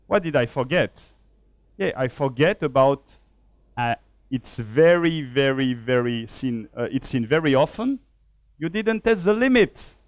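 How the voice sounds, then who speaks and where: Slow, dry-voiced man presenting live code. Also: medium pitch, no echo. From Switzerland. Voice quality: measured, self-deprecating. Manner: thinks aloud while typing code. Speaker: conference speaker. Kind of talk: live coding talk. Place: conference hall.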